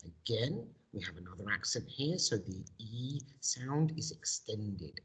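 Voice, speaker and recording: A man teaching a recorded video lesson in a husky, breathy voice. His pitch swings widely as he models words for pupils to repeat, slowly and deliberately, stressing each sound. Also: lively intonation, fairly bright tone.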